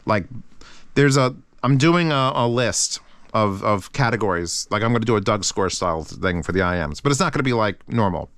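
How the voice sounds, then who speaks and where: A man hosting a casual review channel, talking in an excitable, rambling way with lots of swearing. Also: fairly low pitch, normal speed, no room sound.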